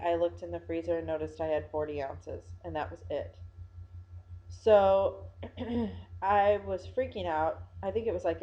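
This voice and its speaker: Young woman vlogger, tired, rambles with restarts; lowish mellow voice, muffled lo-fi home audio. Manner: rambling, self-interrupting, with many fillers. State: yawning, tired. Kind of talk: casual personal vlog.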